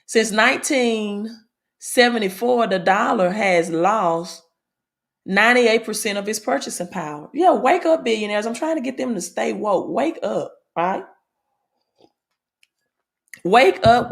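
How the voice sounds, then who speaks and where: A woman from Mississippi with a Southern accent, hosting a casual livestream about money and crypto, chatty and repeating herself, often tagging sentences with "right?", and reading news aloud haltingly. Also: mid-range voice, creaky. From Mississippi, American South.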